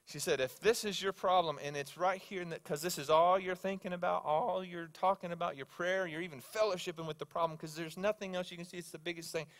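A male pastor preaching a sermon, telling stories with animated swings between loud exclamations and hushed asides. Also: sits high, quick pace, hardly any pauses. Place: church sanctuary.

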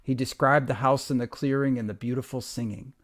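A man, a teacher, reading a retold myth aloud to a class in an expressive, steady storytelling voice. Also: mid-range voice, fairly quick, dry recording, studio quality.

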